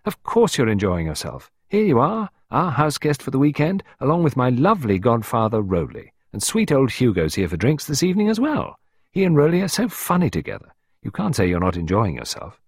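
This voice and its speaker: Man putting on a young woman, playful, teasing, high lively voice, breathy, storybook. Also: fairly quick, no room sound, clean studio sound, full character voice. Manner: light, teasing, coquettish.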